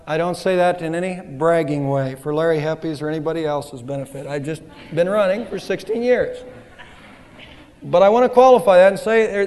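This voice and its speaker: A male pastor whose voice sits high for a man, a little mellow, preaches a sermon conversationally and self-deprecatingly. The sound carries the long reverb of a church hall.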